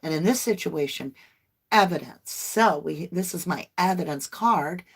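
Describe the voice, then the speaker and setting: A woman's voice: on the low side, lively intonation, unhurried, vocal fry, slightly rough. Chatty woman reading tarot live. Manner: chatty, folksy, addresses viewers as y'all. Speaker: tarot reader livestream host. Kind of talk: casual livestream tarot reading.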